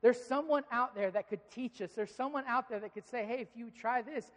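A man's voice: very high-pitched, fairly quick. A man in his thirties preaching a sermon, telling stories conversationally and rising into emphatic pleas. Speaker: pastor. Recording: long hall reverb.

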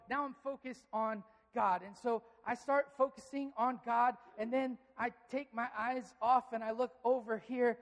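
A pastor preaching a sermon in an animated way, acting out inner voices. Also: medium pitch, moderate pace, few pauses, big-room sound.

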